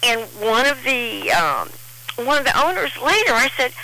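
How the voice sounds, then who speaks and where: A woman's voice: sits high, sing-song, normal speed, sharp tone, a little hiss or hum, poor audio. A middle-aged woman telling a personal story in a rambling, emotional way, often restarting her sentences.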